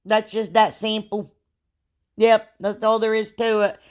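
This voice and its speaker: A woman, hosting a casual craft tutorial, chatty and rambling, with a sore throat that makes her clear it often. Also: mid-range voice, flat delivery, a little slow, darkish tone. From Ohio, United States. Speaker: DIY crafts channel host.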